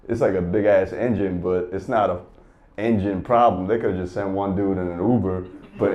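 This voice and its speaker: Stand-up comic, man, lowish voice, profane and fed up, muffled lo-fi sound. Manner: profane, exasperated storytelling. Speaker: stand-up comedian. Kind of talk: stand-up comedy set.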